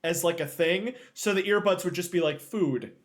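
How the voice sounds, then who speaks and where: High-pitched male podcast co-host, rambling and joking, stumbles over words. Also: a little fast. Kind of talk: casual chat.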